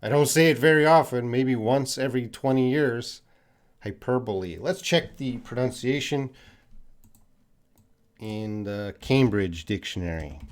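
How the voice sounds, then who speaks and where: Hosting a live stream, this English teacher from Canada speaks at medium pitch while taking viewers' questions. He is patient in his explanations, slowly repeating words for the learners.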